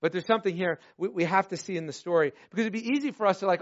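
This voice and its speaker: Male pastor, higher voice, animated storyteller who acts out the characters, slightly muffled recording. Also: racing, hardly any pauses, dry recording. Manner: animated storytelling, acts out voices, drops to soft earnest tones. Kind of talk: sermon.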